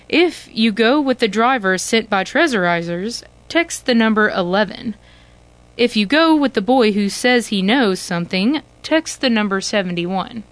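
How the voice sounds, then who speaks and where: A woman telling a second-person interactive adventure story in a clear, measured storybook delivery. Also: fairly high pitch, animated, no echo.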